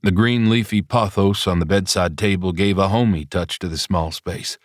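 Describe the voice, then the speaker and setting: Male audiobook narrator, deep low voice, dry close studio sound, even first-person telling. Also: moderate pace, dry recording.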